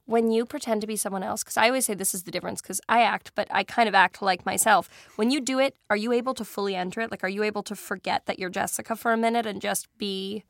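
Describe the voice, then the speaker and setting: A woman's voice: medium pitch, steady tone, fast talker, vocal fry, hardly any pauses, no echo. A woman hosting a radio interview show from a studio, effusive and joking, laughing often. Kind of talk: warm, chatty interviewing.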